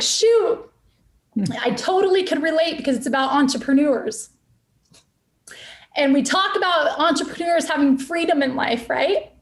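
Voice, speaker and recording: A woman's voice: sits high, reverberant. A woman, a real estate investor guest on a podcast, talking in a passionate, motivational and emphatic way. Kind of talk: enthusiastic podcast interview talk.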